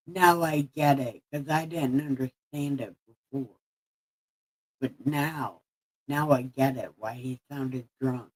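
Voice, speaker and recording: A woman's voice: low voice, husky, rough recording. A woman live-streaming in casual chat, her speech slurred and lisping from a sore mouth with missing teeth, rambling, laughing at herself and swearing freely. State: sore mouth after having teeth pulled.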